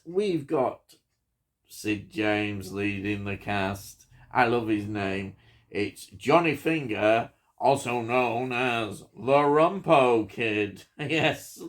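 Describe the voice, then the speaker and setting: Slow-talking enthusiastic man. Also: mid-range voice, creaky. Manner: enthusiastic, with frequent ums and chuckles. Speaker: film reviewer. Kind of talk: casual spoken film review.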